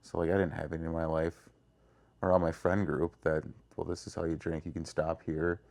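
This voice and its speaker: A man interviewing as guest host on a podcast, asking short relaxed questions. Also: extremely low pitch, brisk, creaky. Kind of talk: casual interview.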